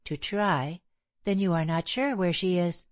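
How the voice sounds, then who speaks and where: Lady reading a bold scheming young woman who wants her man at any cost, low-ish voice, slow and dry. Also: no room sound, close to an everyday voice. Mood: guarded.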